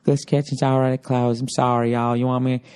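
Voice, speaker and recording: A man's voice: medium pitch, level tone, a little fast, a little mellow, clear, resonant tone, natural voice. A man voicing an overly polite Southern hotel clerk woman in a put-on Southern accent, drawling with exaggerated hospitality. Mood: eager to please.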